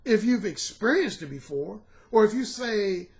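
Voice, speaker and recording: A man with a notably high voice gives a loose, unscripted talk as a dating coach. His pitch leaps around freely as he presses his points, peppering them with slang and swearing. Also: lively intonation, unhurried. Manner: slangy, profane and emphatic; talks straight to the audience. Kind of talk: casual monologue to camera.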